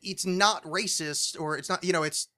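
A man with a nasal American accent, talking in a bright, slightly high voice. He rambles through casual podcast chat, full of fillers and restarts. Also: steady tone, normal speed. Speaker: podcast co-host.

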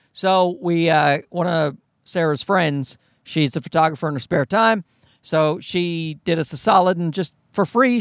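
A man with a high, lively voice rambles through a comic story as a podcast host. He swears freely and keeps a sarcastic edge. The sound is close and dry. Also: dry recording. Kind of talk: comedic storytelling monologue.

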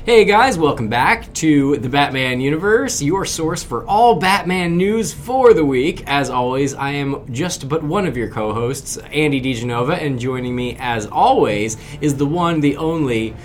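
A man co-hosting a podcast in casual banter, making teasing, deadpan jokes. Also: a little high, measured pace, few pauses, soft background music. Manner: jokey, teasing, deadpan one-liners. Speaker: podcast co-host.

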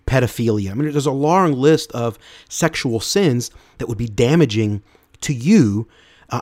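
A man's voice: mid-range voice, no room sound, clean studio sound. A man hosting a podcast, giving an earnest, unscripted Bible teaching talk and often restarting and repeating words. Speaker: podcast host.

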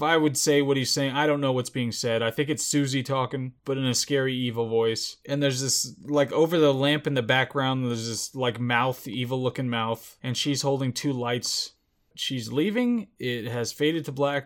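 A man's voice: mid-range voice, a bit bright. A young man giving jittery live commentary as he watches and reacts to a film, muttering one moment and exclaiming the next.

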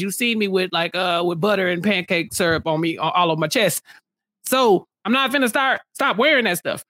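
A man chats in a lively, playful way, full of slang, and often slips into acted-out quotes. His voice is recorded close and dry, with no room sound. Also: high voice, no echo. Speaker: podcast co-host. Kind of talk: casual recap chat.

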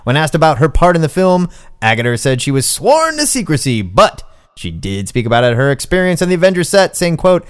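A man's voice: on the high side, sing-song, a little fast, clean tone. A man co-hosting a comics news podcast, emphatic and sarcastic in casual chat. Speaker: podcast co-host.

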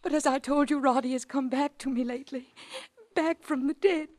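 A woman's voice: sits high, steady tone, normal speed, no room sound, studio quality, close to an everyday voice. An actress playing a fragile, grieving widowed mother who stammers and talks on the edge of tears in a 1940s radio drama. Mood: shaken. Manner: stammering, tearful, near hysteria.

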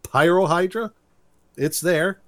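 On a podcast, a male co-host with a high, slightly bright voice speaks slowly as he recaps a cartoon episode in casual chat. He laughs along and quotes characters in silly voices.

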